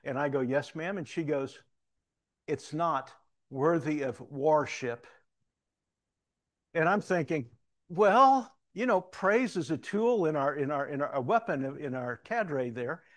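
A man in his sixties with a Southern-tinged Missouri accent, giving a folksy, anecdotal talk from the front of a church. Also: on the high side. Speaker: church leader.

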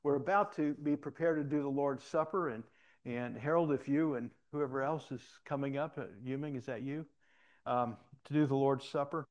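Folksy preacher guy talking in church, chatty sermon, average pitch. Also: fairly even intonation, normal speed, darkish tone, lo-fi sound. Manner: folksy and conversational, telling stories. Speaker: pastor. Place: church sanctuary.

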